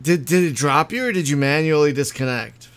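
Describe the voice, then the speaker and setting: A chatty podcast host, a man with a somewhat high voice. He laughs often and talks loosely over an online call. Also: a little fast, clean tone. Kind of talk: casual chat.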